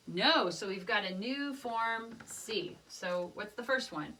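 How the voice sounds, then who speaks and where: A woman's voice: mid-range voice, animated, takes it slowly, few pauses. A woman teaching a rhythm lesson, singing short phrases and then speaking the rhythm syllables. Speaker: music teacher. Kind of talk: rhythm lesson with sung examples. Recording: distant mic with loud background noise.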